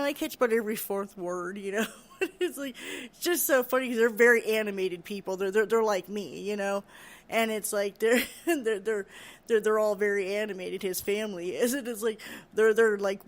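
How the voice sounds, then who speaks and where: A middle-aged vlogger ranting casually to camera, rambling and chatty, often breaking into laughter. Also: mid-range voice.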